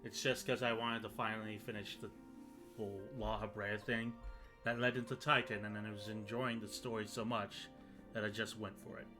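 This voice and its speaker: A man's voice: lowish voice, little pitch movement, fairly quick, music in the background. A man streaming a video game, recapping and joking in casual, rambling, sometimes profane commentary.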